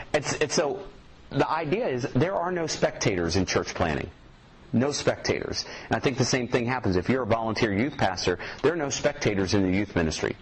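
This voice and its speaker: A man's voice: mid-range voice, husky, rough recording. A man giving a casual youth ministry workshop talk to a small group, plainspoken and conversational, asking the room questions.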